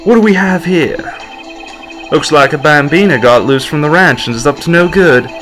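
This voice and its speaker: A man's voice: on the high side, normal speed, fairly bright tone, soft background music, lightly acted. A man voicing a swaggering cowboy-style male detective with a put-on Southern US accent, folksy and drawling.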